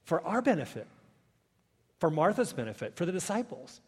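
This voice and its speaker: A male pastor delivering a sermon in a church, moving from quiet asides to rising, emphatic preaching. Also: sits high, big pitch swings, normal speed, breathy edge. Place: church sanctuary. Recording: long reverb of a large hall.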